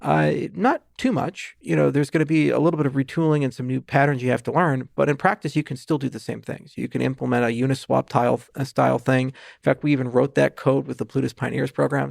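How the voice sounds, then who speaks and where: A man as a podcast guest, explaining technical ideas fast with asides and restarts. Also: medium pitch, steady tone, creaky, darkish tone, dry recording, studio quality. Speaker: guest, blockchain founder. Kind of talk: podcast interview.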